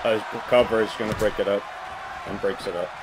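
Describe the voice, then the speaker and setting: A man giving casual, reactive commentary on a wrestling video game, swearing and yelling at the screen as he pleads with the characters. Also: fairly low pitch, steady tone, fast talker. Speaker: gameplay commentator. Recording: game crowd and noise behind voice.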